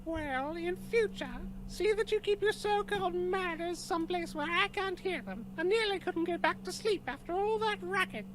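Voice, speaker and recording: An actress voicing a haughty, sharp-tongued elderly aunt in a game. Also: female voice, very high-pitched, animated, normal speed, hardly any pauses, noisy background. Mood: snooty. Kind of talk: video game voice acting.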